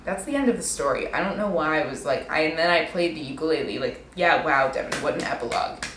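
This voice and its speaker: Low-pitched and fast, with lively intonation, this twenty-something vlogger rambles through casual stories, teasing herself and filling her speech with "like." The sound is roomy and the background noisy.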